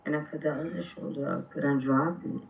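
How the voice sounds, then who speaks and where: A woman's voice: sits low, steady tone, fairly quick, creaky, a little mellow. Drunk mumbling woman on a dull mic. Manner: taunting, insulting. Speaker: voice chat participant. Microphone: low-level mic. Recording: dull lo-fi mic with faint noise.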